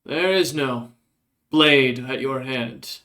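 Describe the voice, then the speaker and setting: A man voicing a stern immortal old male church elder who delivers commanding proclamations at a raised pitch. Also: slow pace, bright, forceful tone. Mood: grave.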